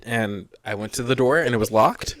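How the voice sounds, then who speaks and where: A young man co-hosting a podcast, speaking at an ordinary middle pitch. He rambles through his stories and leans heavily on "like." The recording is dry and close. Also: normal speed, no echo. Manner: rambling storyteller, lots of "like". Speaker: podcast co-host. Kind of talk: casual chat.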